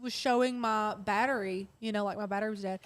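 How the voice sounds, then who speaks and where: A woman's voice: medium pitch, steady tone, fast. A woman co-hosting a craft livestream, chatting casually and reading viewer comments aloud. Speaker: co-host.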